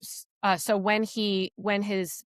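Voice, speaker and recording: A woman's voice: medium pitch, little pitch movement, slow pace, dry recording, clean studio sound. A woman guest on a podcast, telling her own story candidly and reflectively, with many fillers. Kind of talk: personal storytelling.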